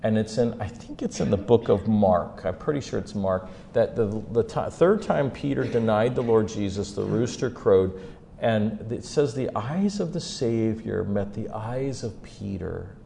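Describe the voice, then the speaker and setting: A man preaching a sermon as a humorous story, acting out the scenes with big jumps in pitch and loudness. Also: lively intonation, measured pace, gravelly, a little hiss or hum.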